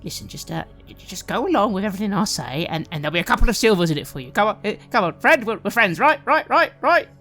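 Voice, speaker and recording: A man's voice: big pitch swings, fast talker, few pauses, sharp tone, exaggerated voice. A man voicing a flustered middle-aged showman in a top hat, stammering and fussy, with music behind. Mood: flustered fussing. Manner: stammering, fussy, high-pitched.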